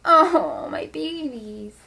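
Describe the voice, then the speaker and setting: Young woman, high voice, slow unhurried talk, gushing and excitable, casual vlog, faint hiss behind. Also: creaky. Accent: American Midwest. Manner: gushing, excitable, talks to her dolls. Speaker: vlogger opening fan mail.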